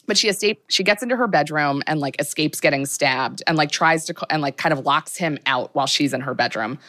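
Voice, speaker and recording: A woman with a low voice co-hosts a podcast and recaps a film plot in loose, rambling chat. She leans on fillers and keeps the tone casual and conversational. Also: brisk, sharp tone. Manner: chatty, filler-heavy, laughs often. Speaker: podcast co-host.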